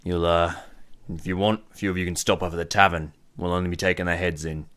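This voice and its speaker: A blunt Australian town guard in a tabletop game, as the game master puts him on. Low-pitched and gruff, he gets flustered easily. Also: steady tone, quick pace, a bit bright. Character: gruff middle-aged male town guard.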